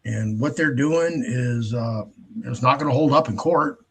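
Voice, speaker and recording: A man's voice: medium pitch, a little slow, slightly rough. A man hosting his own show in a casual, rambling monologue, blunt and heavy on profanity. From United States. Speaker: host.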